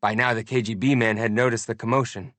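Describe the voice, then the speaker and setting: A man narrating a first-person audiobook in an expressive, deliberate storytelling manner. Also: medium pitch, no room sound.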